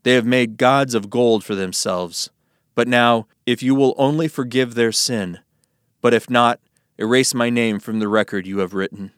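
A man's voice: mid-range voice, moderate pace, smooth, no echo, studio quality, natural voice. A man voicing Moses as an earnest, pleading leader in a solemn Bible reading.

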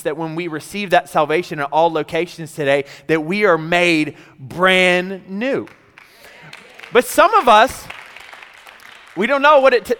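A young man delivers a lively sermon, his voice sitting unusually high and ringing bright and smooth. He talks to the congregation casually, then builds to energetic exclamations. His words carry a long reverb from a large church hall. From Texas. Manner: energetic, conversational preaching with rising exclamations. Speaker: pastor.

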